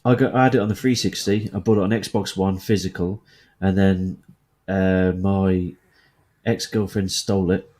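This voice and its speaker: A low-voiced man with a Birmingham accent chatting on a gaming podcast. He jokes, teases and swears freely. His tone stays loose and easygoing throughout. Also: steady tone, moderate pace, a little mellow. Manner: jokey, banters and swears. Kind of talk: casual gaming podcast chat.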